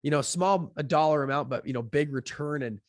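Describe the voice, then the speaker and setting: A man's voice: a little high, fairly quick, no room sound, studio quality. Chatty young man telling a story. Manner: chatty, filler-heavy, acts out quotes with lively voices. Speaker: podcast guest, fund founder. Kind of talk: casual storytelling in an interview.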